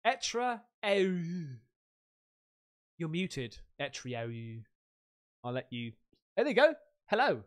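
A man's voice: on the high side, very animated, very slow, pauses often. Jokey man hosting, calling people mate. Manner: jokey, laughing, calls everyone mate. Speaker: host. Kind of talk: casual chat.

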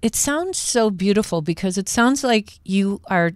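A woman hosting a casual interview, eager and curious, reacting quickly to her guest. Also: mid-range voice, lively intonation, no echo. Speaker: host.

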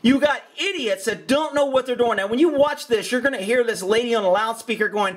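High-voiced ranting man. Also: fairly quick, hardly any pauses. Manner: exasperated, blunt, profane. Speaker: horse trainer and commentator. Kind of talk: ranting commentary over video.

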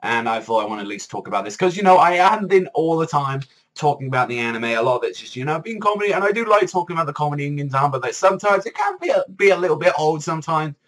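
A man's voice: a little high, lively intonation, racing, fairly bright tone. A man casually reviewing an anime episode, rambling and swearing a lot. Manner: rambling, heavy swearing, many "like" fillers.

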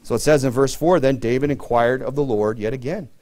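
A man's voice: medium pitch, fairly quick, a little mellow. A middle-aged man preaching a sermon to his church in a conversational way, full of "you know" fillers. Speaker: pastor.

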